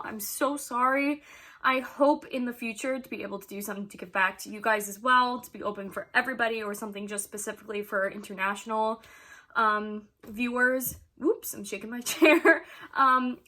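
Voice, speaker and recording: A woman's voice: on the high side, sharp tone. A young woman chatting casually to her camera as a vlogger, rambling with many ums and frequent laughs.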